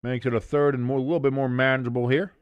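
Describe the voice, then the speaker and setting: A man hosting a live watch-along stream, calling plays casually, reading out chat and cracking jokes with loud excited bursts and swearing. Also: medium pitch, very fast, clean tone, dry recording, highs cut off. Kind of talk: casual play-by-play commentary.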